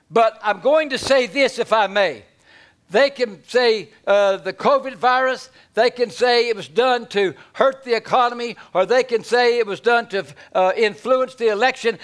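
Folksy, animated preacher man. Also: very high-pitched, moderate pace. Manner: folksy, animated preaching with big swings from loud to hushed. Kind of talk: sermon.

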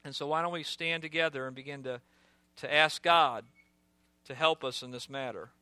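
A man preaching a sermon as pastor, earnest and direct, sometimes dropping to a hushed voice for storytelling asides. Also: on the high side, normal speed, clean tone, no room sound.

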